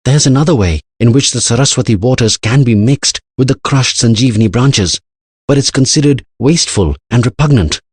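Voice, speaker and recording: A man's voice: mid-range voice, fairly quick, a little mellow, husky, no room sound, voice pushed up, lightly acted. A man voicing an anxious older male scientist who explains at length in an earnest way. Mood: grave.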